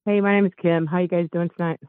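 A middle-aged man from the United States calls in over a tinny, phone-like line, speaking bone dry and close. His voice sits high for a man. He rambles, keeps apologizing, and sounds choked up as he goes. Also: flat delivery, fast talker, no echo. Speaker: caller. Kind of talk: call-in chat.

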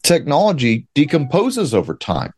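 A man's voice: a little high, wildly swooping pitch, moderate pace, darkish tone, breathy edge, dry recording. A man giving political commentary, talking emphatically with a sarcastic, ranting edge. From United States. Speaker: guest commentator.

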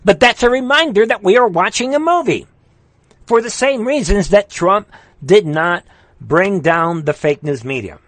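Guy ranting on his livestream, high pitched and fired up, voice getting strained, dead dry sound. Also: expressive, moderate pace, fairly bright tone, dry recording. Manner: impassioned, ranting, repeats rallying calls; reads viewer comments aloud. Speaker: livestream host. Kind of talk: heated political commentary.

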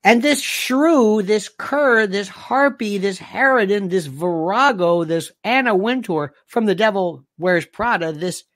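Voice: mid-range voice, lively intonation, measured pace, few pauses, fairly bright tone, no echo, clean studio sound. Ranting sarcastic commentary host. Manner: ranting, sarcastic, piles up insults and rhetorical questions. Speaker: host reading viewer comments. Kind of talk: opinionated commentary monologue.

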